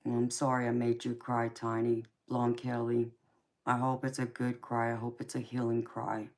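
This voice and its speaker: Soft-spoken woman calling everyone honey. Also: extremely low pitch, completely flat delivery, moderate pace. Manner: warm, calls viewers sweetheart and honey. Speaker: tarot reader hosting a live stream. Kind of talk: casual live-stream chat.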